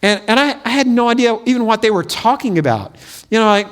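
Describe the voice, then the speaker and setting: A man preaching a sermon as pastor of a church, telling stories in an animated way and acting out the quotes. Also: high voice, fast talker. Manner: animated storytelling with acted-out quotes. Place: church sanctuary.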